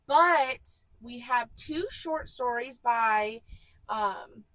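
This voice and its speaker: A woman's voice: a little high, very slow, fairly bright tone, no echo, rough recording. A woman co-hosting a podcast in casual, playful banter, teasing her co-host. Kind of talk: casual chat.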